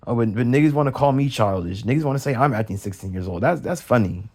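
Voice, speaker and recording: A man's voice: mid-range voice, lively intonation, fast talker, a little mellow, slightly rough. A young man venting in an agitated, profane late-night rant, tripping over restarts as he goes. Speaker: vlogger.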